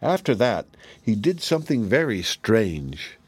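A man narrating a fairy tale in a steady, measured reading. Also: fairly low pitch, husky, dry recording. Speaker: storyteller.

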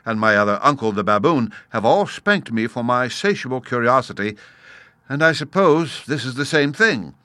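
A man's voice: medium pitch, expressive, normal speed, pushed and bright, dry recording. A man voicing a polite, curious young male elephant calf in a storybook reading. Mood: earnest. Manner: very polite, plaintive.

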